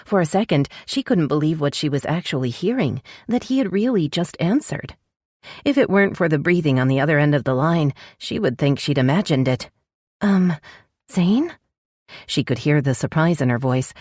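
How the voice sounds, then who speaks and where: A woman narrating a romance audiobook in an expressive, scripted style, close to the mic. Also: fairly quick, no echo. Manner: expressive, voices dialogue with sharp pitch jumps.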